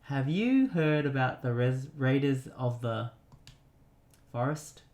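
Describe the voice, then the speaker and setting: Guy reading out a welcoming tavern innkeeper, slow halting delivery, echoey room. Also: mid-range voice, animated, a little mellow. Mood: reading aloud. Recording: roomy echo.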